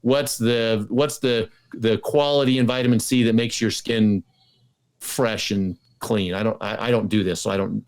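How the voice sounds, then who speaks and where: A man's voice: lowish voice, fairly even intonation, normal speed, a little mellow. A man as a guest in an interview, talking casually and eagerly, often restarting and repeating words. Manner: enthusiastic, many restarts and repetitions.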